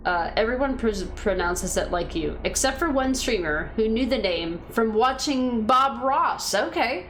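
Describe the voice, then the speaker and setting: A woman's voice: on the high side, animated, a little slow, a bit bright, a little hiss or hum. A woman streaming a game, chatting casually with her viewers and thinking aloud with fillers and restarts. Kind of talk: casual chat reading viewer comments.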